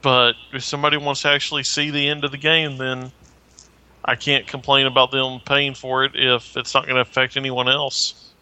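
A man co-hosting a casual gaming podcast, giving measured, level-headed opinions. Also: mid-range voice, flat delivery, sharp tone, smooth, low-quality recording. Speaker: podcast co-host.

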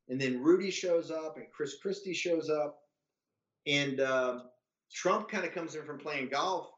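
A man's voice: a little high, normal speed, reverberant, dull audio. A man telling a long, rambling, profane story as a podcast guest, acting out the voices of the people in it. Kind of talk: casual anecdotal storytelling.

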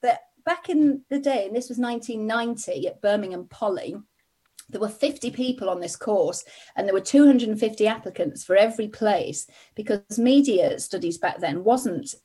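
A woman in her forties from Middlesbrough, telling stories as a podcast guest in lively casual chat. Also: medium pitch, normal speed, husky. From England (Middlesbrough). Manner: lively storyteller, laughs often. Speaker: guest, TV presenter.

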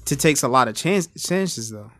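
A man's voice: medium pitch, expressive, normal speed, a bit bright. A man asking questions on a casual sports podcast, conversational in tone.

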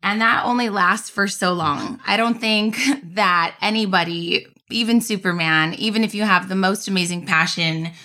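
Bright, energetic woman podcast host. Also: mid-range voice, normal speed, few pauses. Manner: energetic, enthusiastic, swears casually. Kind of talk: casual podcast talk.

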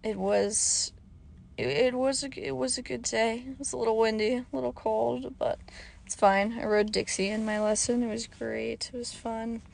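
Young woman, podcast host, slightly hoarse, rambling, casual, lots of fillers. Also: on the high side, steady tone, normal speed, a little mellow. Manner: rambling, chatty, full of fillers. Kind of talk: casual solo podcast chat.

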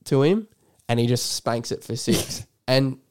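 A man's voice: mid-range voice, animated, unhurried. A young Australian man co-hosting a podcast, chatting about a film in a rambling, laughing way and swearing casually. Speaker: podcast co-host. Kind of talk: casual film review chat.

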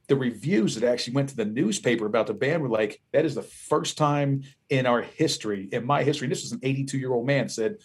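This musician guest speaks with a Philadelphia accent and a husky, mid-range voice. In loose podcast chat, he spins lively stories laced with profanity.

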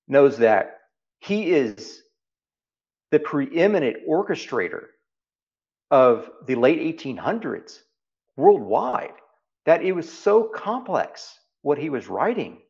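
A man's voice: on the high side, lo-fi sound. A middle-aged man with a Texas accent, a guest in an interview, speaking emphatically and repeating phrases for stress. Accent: Texan. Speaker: guest, private equity CEO. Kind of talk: reflective interview talk.

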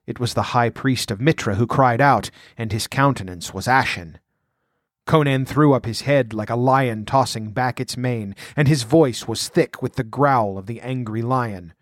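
A man narrating an adventure story in a measured, dramatic reading. His pitch sits in the middle range. The recording is dry and close with no room sound. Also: dry recording. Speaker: audiobook narrator. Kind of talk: scripted narration.

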